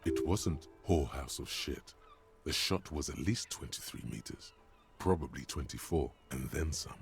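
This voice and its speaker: An actor playing a cynical inner voice in a detective's mind, with a wry, matter-of-fact delivery. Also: male voice, moderate pace, creaky, soft background music. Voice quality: very deep.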